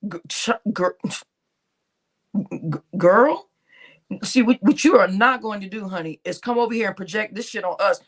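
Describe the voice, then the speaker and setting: A woman's voice: mid-range voice, lively intonation, measured pace, pauses often. Chatty laughing woman livestream host. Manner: chatty, laughing, addresses viewers as y'all. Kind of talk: casual livestream chat.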